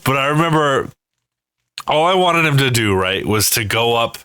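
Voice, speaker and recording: A man from Rhode Island co-hosting a comedy podcast, teasing the others and laughing often between quick asides. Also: mid-range voice, lively intonation, pushed and bright, smooth, no room sound. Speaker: podcast co-host. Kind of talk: casual comedy podcast banter.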